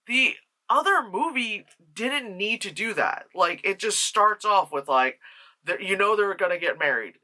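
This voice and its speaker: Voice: medium pitch, pushed and bright. Rambling, sarcastic movie reviewer. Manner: rambling, profane, sarcastic, laughs often.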